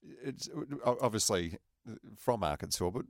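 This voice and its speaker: A man's voice: lowish voice, lively intonation, normal speed, no echo, studio quality. A man hosting a radio interview, with many ums and uhs. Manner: hesitant, many fillers. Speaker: radio show host.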